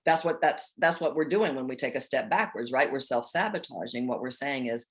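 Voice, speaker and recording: A woman in her sixties hosting a spiritual coaching talk for a women's group, expressive and acting out inner voices with laughter. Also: rumbling low, a little fast. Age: 60s. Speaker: host of a women's group chat.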